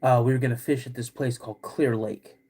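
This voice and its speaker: A man hosting a podcast, vividly retelling a personal story in a halting way, with many restarts. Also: medium pitch, steady tone, a little mellow, slightly rough. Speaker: podcast host.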